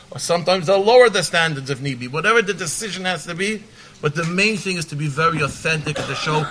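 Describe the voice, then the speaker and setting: Rabbi guy on a panel, earnest, bright voice, bit high. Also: a little hiss or hum. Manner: earnest and measured, with restarts and Hebrew terms. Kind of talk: panel answer to a question.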